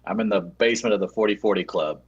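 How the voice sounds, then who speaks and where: A man co-hosting a podcast remotely, cracking dry, deadpan jokes. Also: on the low side, quick pace, creaky, breathy edge, highs cut off. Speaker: podcast co-host. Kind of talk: casual podcast banter. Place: calling in from New York.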